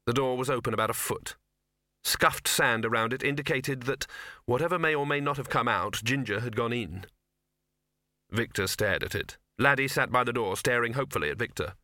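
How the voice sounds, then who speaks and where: A male audiobook narrator with a bright, forceful tone who tells the story expressively. His voice is close and dry, with no room around it. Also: mid-range voice, normal speed, dry recording. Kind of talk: scripted narration.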